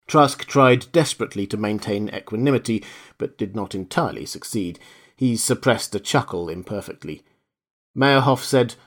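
A man narrating a short story in a measured, expressive reading voice. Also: fairly low pitch.

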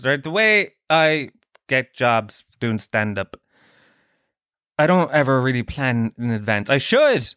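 A man's voice: mid-range voice, fairly bright tone, clear, resonant tone, no room sound. Irish comedian guy rambling on his podcast, sweary jokey, dry close mic. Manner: crude, swearing, joking banter. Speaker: stand-up comedian and podcast host. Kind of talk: casual comedic monologue.

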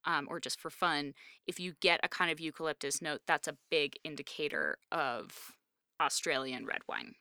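A woman's voice: low voice, moderate pace, bright, forceful tone, clear, resonant tone, dry recording, clean studio sound. A woman co-hosting a podcast in casual chat, talking knowledgeably with plenty of "um" and "like". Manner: chatty, frequent "um" and "like", knowledgeable about wine. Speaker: podcast co-host discussing wine and film.

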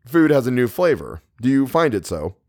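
Guy reading old doctor, earnest and measured, lively up and down. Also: medium pitch, dry recording, clean studio sound. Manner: measured, savoring words. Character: learned older male doctor, earnest and fussy.

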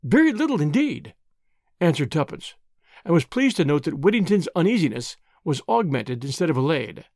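A man narrating an audiobook with expressive storytelling. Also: a little high, brisk, no room sound, studio quality. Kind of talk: scripted narration.

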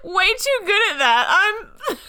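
A woman co-hosting a casual podcast, talking slowly in a high voice that swoops widely. She is giggly and teasing and keeps joking with her co-host. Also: very noisy. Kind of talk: casual chat.

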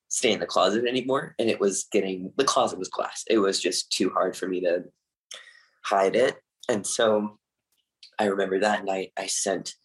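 A young man from Canada, telling a personal story candidly and haltingly, with many fillers and nervous laughs. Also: low-pitched, low-quality recording.

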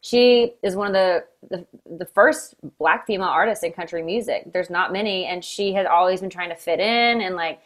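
A woman's voice: on the low side, moderate pace, hardly any pauses. A woman hosting an interview, talking in an earnest, encouraging, reflective way. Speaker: interview host. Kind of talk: casual interview chat.

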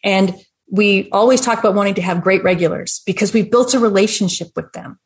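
A woman talks through business planning in a friendly, explanatory way, like a teacher speaking to students. Her pitch sits in an ordinary middle range. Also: fairly quick. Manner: explanatory, friendly, laughs now and then. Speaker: restaurant business consultant and educator. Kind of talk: webinar conversation.

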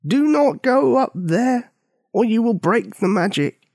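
A man voicing a stern, secretive old man who guards a lake, speaking slowly and gravely in a storybook reading. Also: extremely high pitch, big pitch swings, a little mellow, dry recording, studio quality, pitched above the performer's own voice, heavily acted.

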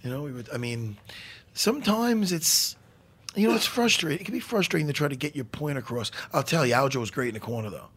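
A man with a husky, slightly raised voice hosts a podcast in loose, rambling fashion. His pitch swings widely as he jokes about himself and swears freely. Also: lively intonation, quick pace, a bit bright. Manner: rambling, self-deprecating, swearing. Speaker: podcast host. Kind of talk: casual interview chat.

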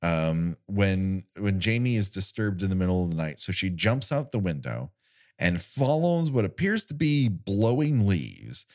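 A man's voice: low voice, very animated, unhurried, a little mellow. A young man co-hosting a podcast, recapping an old TV episode with sarcastic, swearing comedy and mock voices. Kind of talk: casual comedic chat.

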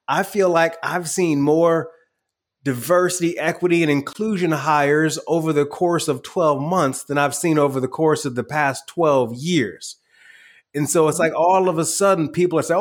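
A man hosting an interview podcast, animated and laughing often as he acts out quotes. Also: a little high, normal speed. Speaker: podcast host. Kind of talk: conversational interview.

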